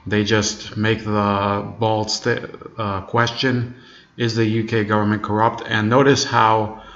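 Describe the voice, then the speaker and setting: This commentary host talks slowly with a fairly low, level and slightly bright voice as he rambles over news clips, full of fillers and restarts. The lo-fi recording is dull and echoey.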